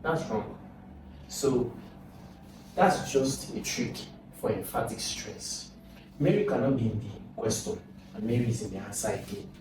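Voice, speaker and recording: A man's voice: medium pitch, animated, a little slow. Man teaching in an echoey room. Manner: explains step by step, repeats words, asks questions aloud. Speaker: exam tutor. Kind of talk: recorded lesson. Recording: very echoey room, distant mic, noisy.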